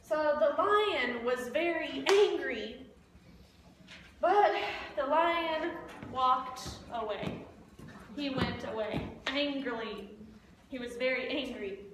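A woman teacher retells a simple story to learners in a high voice, repeating each key phrase several times. Her delivery is extremely slow and deliberate. The room is very echoey, with faint ambience behind her. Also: distant mic, background noise. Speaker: language teacher. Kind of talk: slow story-listening lesson.

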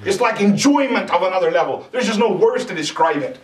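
A man's voice: high voice, fairly quick. A man giving a sermon at a mosque, talking with animation and putting questions to his listeners. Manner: animated, asks the audience questions. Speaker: mosque lecturer. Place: mosque hall. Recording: echoey hall, distant mic.

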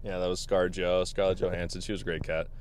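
Guy, thirties, lowish voice, easy storyteller who laughs a lot, slight noise behind. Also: quick pace. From Massachusetts. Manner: laughs often, quotes people in animated asides. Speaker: podcast guest. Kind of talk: casual storytelling.

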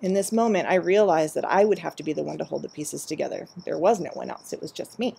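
A woman storyteller reading aloud a personal memoir story in a measured, reflective way. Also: low-pitched, gravelly, warm tone, husky.

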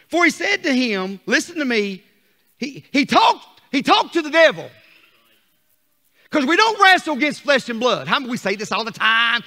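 Fiery preacher in a reverberant church. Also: male voice, high-pitched, normal speed. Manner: animated, swings from quiet asides to shouting. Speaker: pastor. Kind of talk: sermon. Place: church sanctuary. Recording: long hall reverb.

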